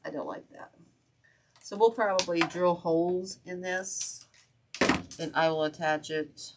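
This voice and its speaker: A woman's voice: fairly low pitch, steady tone, normal speed, noisy background. A woman hosting a craft livestream, chatting casually and rambling as she works and talks to viewers. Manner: chatty, rambling, with self-talk and asides to viewers. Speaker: craft channel host.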